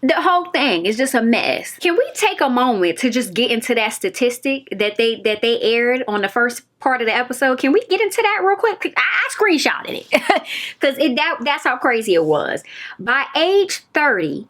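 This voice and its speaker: A young woman with a fairly high voice talks through a TV episode review. She is emphatic and casual, repeats her points for effect, and speaks straight to her viewers. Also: sing-song, moderate pace, fairly bright tone. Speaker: TV review vlogger.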